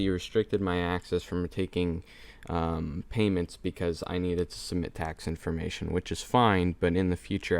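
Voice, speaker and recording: A man's voice: sits low, smooth, no room sound. A man venting about a shut-down seller account, profane and insistent, then pressing a phone agent for a supervisor. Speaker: online seller and vlogger. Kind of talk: angry rant and complaint call.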